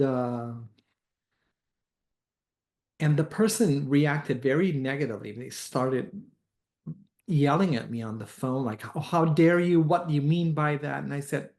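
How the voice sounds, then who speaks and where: A man's voice: mid-range voice, vocal fry. Hesitant man telling a story. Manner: hesitant, many restarts and "uh", animated when quoting. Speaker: tarot teacher. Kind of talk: storytelling in an online class.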